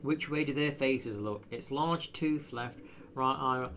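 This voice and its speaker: A man's voice: medium pitch, takes it slowly, fairly bright tone, slight background noise. A man chatting casually while live streaming a video game, rambling with lots of fillers. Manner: rambling, self-deprecating, frequent fillers.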